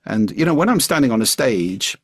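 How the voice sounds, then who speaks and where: An older man, a podcast guest, explaining speaking skills in a measured, articulate way. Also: mid-range voice, big pitch swings, slightly rough, dry recording, clean studio sound. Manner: measured, articulate, slips into demonstration voices.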